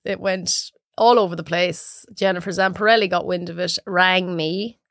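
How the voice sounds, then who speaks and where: An Irish woman cook talking as a podcast guest, a chatty, animated storyteller who laughs often. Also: fairly low pitch, moderate pace, no echo, studio quality. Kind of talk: casual chat.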